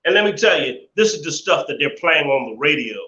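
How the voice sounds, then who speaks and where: A man's voice: fairly high pitch, expressive, brisk, bright, forceful tone. A man hosting a live stream, ranting indignantly and repeating himself in casual commentary. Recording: echoey room, dull lo-fi sound.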